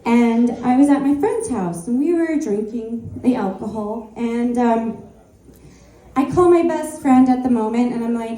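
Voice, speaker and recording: Woman comic in her thirties, high and mellow voice, unhurried storytelling, stage mic in a roomy club. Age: 30s. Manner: conversational storytelling, acting out voices. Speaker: stand-up comedian. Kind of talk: stand-up comedy set.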